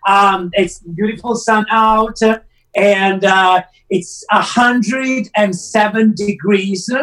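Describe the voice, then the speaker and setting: High-voiced man, a bit off-mic. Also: fairly even intonation, slow, fairly bright tone, far from the mic, poor audio. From Italy. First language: Italian. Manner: earnest, methodical explainer. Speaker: actor guest. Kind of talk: casual interview chat.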